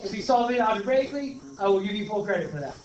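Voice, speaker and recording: A man with a Brooklyn accent teaching a math class, talking in an animated way and calling the students guys. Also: sits high, fast, slight background noise. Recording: echoey, distant, dull classroom recording.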